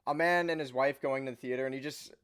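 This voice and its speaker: A man hosting a podcast, asking questions in relaxed casual chat with many filler phrases. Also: medium pitch, fast talker, clean tone. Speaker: podcast host.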